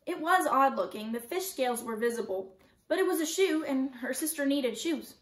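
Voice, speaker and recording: Expressive woman teacher reading aloud. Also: high-pitched, moderate pace. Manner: clear, expressive storytelling. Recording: roomy echo.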